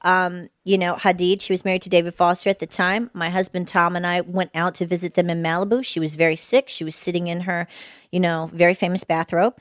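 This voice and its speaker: A woman's voice: on the low side, flat delivery, fairly quick, no echo, clean studio sound. A middle-aged woman with a whiny voice, telling stories candidly in a casual interview and swearing freely. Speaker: podcast guest.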